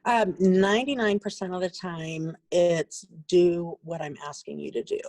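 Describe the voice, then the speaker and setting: Woman parent, lowish voice, dry close sound, frank and exasperated. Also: steady tone, a little slow, darkish tone, no room sound. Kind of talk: casual chat.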